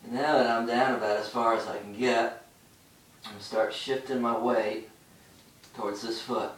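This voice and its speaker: A man's voice: medium pitch, fairly even intonation, moderate pace, reverberant, far from the mic, poor audio. A man explaining a stretching routine while doing it, talking in short bursts between holds and breathing hard from the effort. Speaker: stretching instructor. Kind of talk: instructional demonstration.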